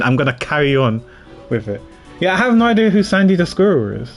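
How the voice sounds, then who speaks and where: A man's voice: fairly high pitch, very animated, brisk, soft background music. A man streaming a video game, chatting casually and poking fun at himself. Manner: chatty, self-mocking, rambling. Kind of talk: casual livestream commentary.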